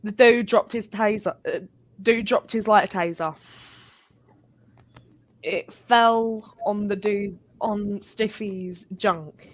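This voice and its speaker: A woman telling an animated, sweary story in a casual live chat. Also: medium pitch, slow pace. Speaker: guest.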